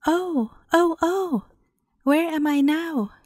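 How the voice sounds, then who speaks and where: A woman's voice: sits high, slow pace, darkish tone, no echo, clean studio sound, pitched above the performer's own voice. A woman voicing a frightened priest trapped in a sack, wailing and pleading in a storybook reading.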